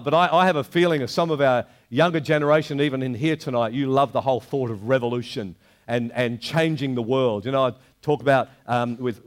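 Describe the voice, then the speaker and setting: An older man preaching a sermon to a congregation, animated, slowing down to stress quoted verses. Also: medium pitch. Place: church hall before a live congregation.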